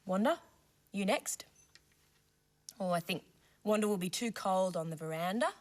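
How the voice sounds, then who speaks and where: A woman presenting a children's TV show, playing gently with toy animals and asking the young viewers questions. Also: medium pitch, slow, pauses often.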